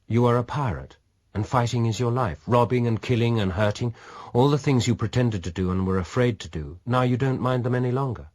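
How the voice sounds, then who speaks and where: A man's voice: mid-range voice, brisk, darkish tone, voice pushed up, natural voice. A male audiobook reader voicing a bored, spirited English noblewoman who argues earnestly with her companion. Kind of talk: audiobook reading.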